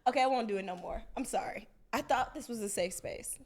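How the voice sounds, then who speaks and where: A woman's voice: a little high, fairly quick, hardly any pauses. A young woman co-hosting a podcast in loose, giggly casual chat. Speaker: podcast co-host.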